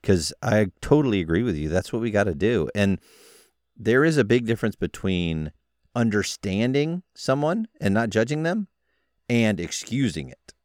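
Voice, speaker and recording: Deep, dry-voiced middle-aged host. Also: male voice, normal speed, dry recording. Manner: preachy, fatherly, animated. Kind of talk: casual podcast interview.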